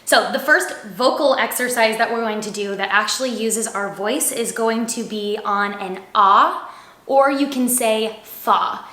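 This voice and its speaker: A woman's voice: mid-range voice, normal speed, bright, forceful tone. A young woman teaching a singing lesson, upbeat and encouraging as she demonstrates exercises and keeps checking in with her students. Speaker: vocal coach. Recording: echoey room.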